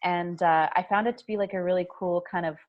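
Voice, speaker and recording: A woman's voice: on the low side, steady tone, fairly quick, muffled recording. A woman with a Canadian accent, co-hosting a casual chat, speaking hesitantly with restarts. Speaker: podcast co-host.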